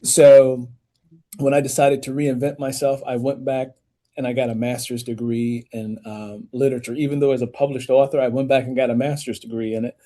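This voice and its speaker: Animated storytelling man with a mellow voice. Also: a little fast. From United States. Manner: animated storyteller, rising emphatic pitch when making points. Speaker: author and audiobook narrator. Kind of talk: podcast interview guest.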